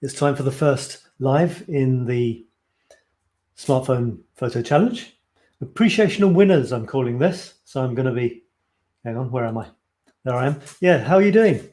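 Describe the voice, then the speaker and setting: A man's voice: mid-range voice, animated, moderate pace, a little mellow. A man hosting a casual photo challenge livestream, chatting in a rambling, friendly way and reading out viewer comments. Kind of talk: casual live stream chat.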